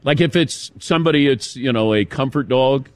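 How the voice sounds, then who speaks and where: A man with a medium-pitched voice, speaking at normal speed and recorded with no room sound, hosts a sports talk radio show. In casual banter he tells stories, laughs easily, and hands the conversation to his co-hosts by name.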